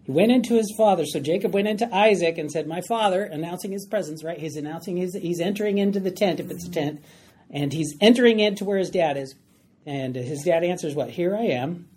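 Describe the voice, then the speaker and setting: A woman teaching a Bible study class in a room with a board, talking in a lively, conversational way and putting questions to the class. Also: fairly low pitch, husky.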